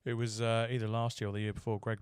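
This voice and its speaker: A man's voice: mid-range voice, flat delivery, quick pace, a little hiss or hum. A man co-hosting a motorsport podcast in casual chat, adding short replies and asking his partner questions. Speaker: podcast co-host.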